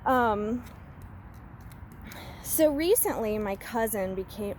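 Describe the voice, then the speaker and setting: A woman vlogging casually while walking outdoors in the woods. She talks in an expressive, engaging way, with lots of fillers. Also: fairly high pitch, takes it slowly, pauses often, slight background noise. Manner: expressive, animated delivery with many fillers. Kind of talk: casual walk-and-talk vlog.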